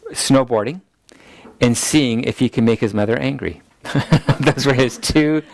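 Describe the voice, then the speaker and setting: A man's voice: medium pitch, dry recording. Chatty man teaching with dry close sound. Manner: relaxed and chatty, laughs at his own stories, acts out quotes. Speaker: pastor teaching a ministry school class. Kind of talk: teaching lecture with family anecdotes.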